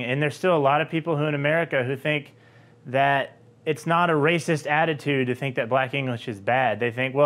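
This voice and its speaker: A man's voice: mid-range voice, fairly bright tone. A man hosting an educational video on language, talking in an earnest, conversational way with a few fillers. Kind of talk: explanatory commentary.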